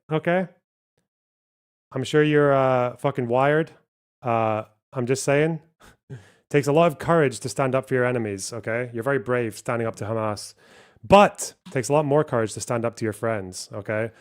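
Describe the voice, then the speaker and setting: A man, a streamer reading donation messages aloud and answering them in casual, profane, sarcastic chat. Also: medium pitch.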